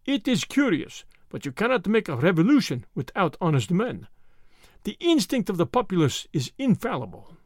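A man voicing a Russian conspirator who talks softly with a sinister, amused edge. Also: high-pitched, very animated, moderate pace, no room sound, clean studio sound, heavily acted. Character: sly Russian male plotter, sinister.

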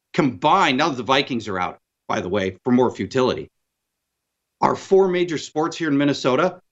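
Animated man on a dull lo-fi line. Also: mid-range voice. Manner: animated, lamenting storyteller. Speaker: guest sports commentator. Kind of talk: casual sports talk.

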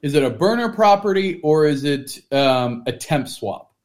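A man's voice: a little high, lively intonation, moderate pace. A man co-hosting a podcast in casual chat, talking in a joking, rambling way full of "like". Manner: chatty and joking, heavy use of "like". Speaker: podcast co-host.

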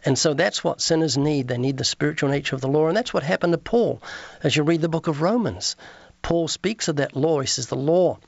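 Gravelly man preaching in a radio interview. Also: a little high, brisk, no echo, highs cut off. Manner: preachy, quotes scripture and acts out street conversations. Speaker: evangelist guest.

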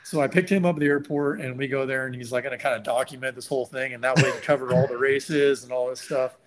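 A man telling a long story in casual conversation, animated and acting out what others said. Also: mid-range voice, fast, slight background noise. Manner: animated, acts out quotes of others. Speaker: guest.

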